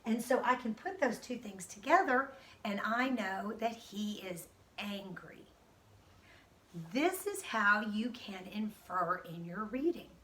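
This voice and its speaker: Bright, lively woman teacher. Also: medium pitch, slow. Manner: reads a storybook aloud with expression, then explains to young pupils. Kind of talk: recorded reading lesson for children.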